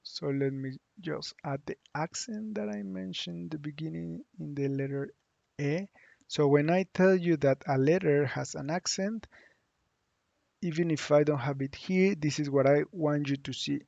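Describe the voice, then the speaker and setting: A man from Mexico, teaching a lesson online and saying the model phrases slowly so learners can repeat them. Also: on the high side, vocal fry, a little mellow, dry recording, lo-fi sound. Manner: slow, drawn-out model phrases for repeating aloud. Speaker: Spanish teacher.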